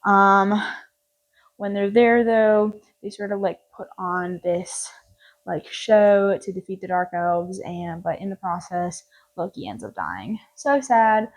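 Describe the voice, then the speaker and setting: A woman's voice: mid-range voice, lively intonation, takes it slowly, low-quality recording. A young woman casually recapping a film plot, rambling and joking with lots of filler words. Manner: rambling, jokey, full of "like" and "um". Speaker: film reviewer.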